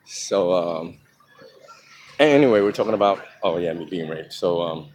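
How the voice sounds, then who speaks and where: A man with a somewhat low voice talks openly about his own past, pausing often and filling gaps with ums. He is recorded outside, and passing vehicles are clearly heard behind his voice. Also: expressive, darkish tone, poor audio. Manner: halting, frank, many pauses and ums. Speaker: man telling his life story. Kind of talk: candid personal monologue. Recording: outdoor traffic noise behind.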